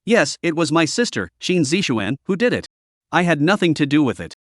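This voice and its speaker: A man's voice: a little high, very animated, normal speed, dry recording, clean studio sound. A man voicing a cowardly young man who whines and pleads for his life in a narrated story. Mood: evasive. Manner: pleading, whining.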